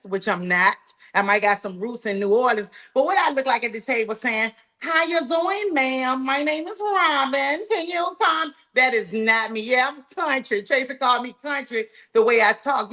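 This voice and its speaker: A woman with a Southern US drawl, running a live sales training call in a folksy, energetic, encouraging way. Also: fairly high pitch. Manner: folksy, talks straight to the group, says "y'all" often.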